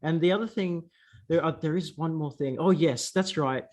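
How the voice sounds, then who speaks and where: A man's voice: on the high side, moderate pace, a little mellow. An Australian man co-hosting a casual chat, joking and playful. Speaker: co-host.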